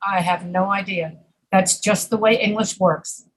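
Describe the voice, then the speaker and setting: A woman teaching an English pronunciation class, patiently repeating words slowly to demonstrate sounds. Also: mid-range voice, fairly even intonation, slight background noise, low-quality recording. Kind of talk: online pronunciation lesson.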